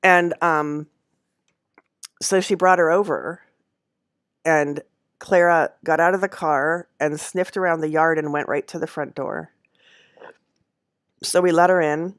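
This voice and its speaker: Low-voiced woman telling a rambling story. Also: fairly even intonation, moderate pace, long pauses, clear, resonant tone, dry recording, clean studio sound. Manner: rambling, with fillers and self-corrections; amused, laughs often. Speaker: handknitter. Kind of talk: casual personal storytelling.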